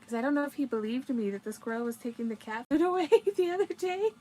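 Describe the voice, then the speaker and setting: Woman host, higher voice, giggly and chatty, livestream chat over quiet music. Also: animated, quick pace, low-quality recording.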